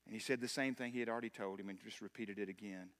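A man's voice: fairly low pitch, steady tone, fast talker, fairly bright tone. A man, a pastor, giving an emphatic, impassioned sermon. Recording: long hall reverb.

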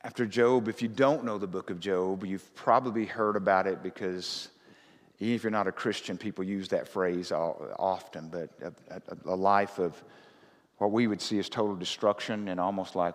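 A man preaching a conversational sermon as pastor, often rising to loud, fervent scripture reading. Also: deep voice, steady tone, normal speed. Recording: reverberant hall.

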